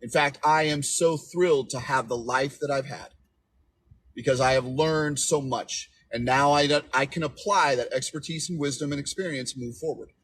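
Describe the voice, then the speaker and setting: A man's voice: medium pitch, normal speed, a bit bright, slight background noise. A man in his forties giving relationship advice on a livestream, emphatic and repetitive, often asking "okay?". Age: 40s. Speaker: relationship coach.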